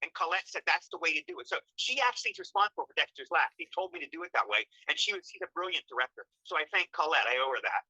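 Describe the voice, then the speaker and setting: An older man, an actor guest, telling animated stories in an interview and acting out quotes in funny voices. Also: fairly high pitch, rapid-fire, few pauses, slightly rough, dry recording, low-quality recording. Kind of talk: storytelling interview.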